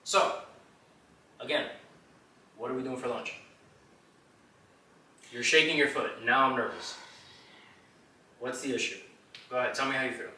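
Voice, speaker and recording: A man's voice: medium pitch, steady tone, a little slow, pauses often, bright, forceful tone. A young man insisting on his side and repeating himself in a casual argument with his girlfriend. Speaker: vlogger pulling a prank on his girlfriend. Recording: echoey room, voice from a distance.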